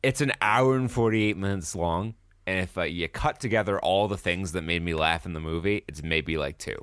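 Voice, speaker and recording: A man co-hosting a podcast, chatting casually about a movie, animated and swearing freely as he acts out lines from trailers. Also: deep voice, moderate pace, smooth, no room sound, clean studio sound. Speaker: podcast co-host. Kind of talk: casual movie review chat.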